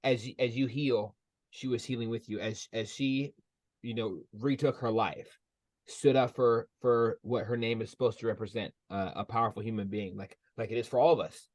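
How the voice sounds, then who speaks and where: A man's voice: mid-range voice, fairly even intonation, moderate pace, a little mellow, no room sound. A man hosting a podcast, answering his guest in a reflective, supportive way. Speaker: podcast host. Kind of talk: casual interview.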